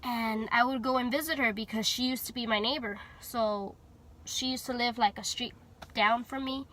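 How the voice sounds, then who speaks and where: Slight background noise sits behind a young Houston woman whose voice is a little high and sharp, moving at normal speed with fairly even intonation. Vlogging her personal story casually, she chats along with plenty of fillers and acts out quoted lines.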